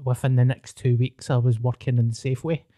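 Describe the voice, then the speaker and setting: A Scottish man recounting his own story on a podcast, blunt and sweary. The sound is dry and close, with no room around it, and his pitch sits in the middle. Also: little pitch movement, fairly quick, warm tone, no echo. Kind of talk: casual chat.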